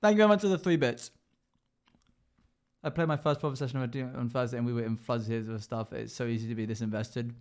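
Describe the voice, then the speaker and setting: A man's voice: mid-range voice, quick pace. A man streaming live as a dungeon master, chatting emotionally and rambling as he reacts to chat. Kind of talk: casual livestream chat.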